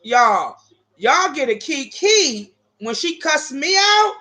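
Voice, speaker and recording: A woman's voice: sits high, big pitch swings, takes it slowly, pushed and bright. A woman hosting a livestream, telling stories to her chat viewers in a brash, profane way and talking to them as "y'all". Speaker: livestream host. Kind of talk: casual storytelling to live chat viewers.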